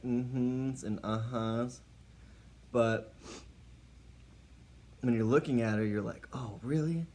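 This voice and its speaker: A man with a lowish voice delivering tongue-in-cheek dating tips. He keeps a mock-serious, playful tone throughout. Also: darkish tone. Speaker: comedic advice host. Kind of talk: mock dating-advice comedy monologue.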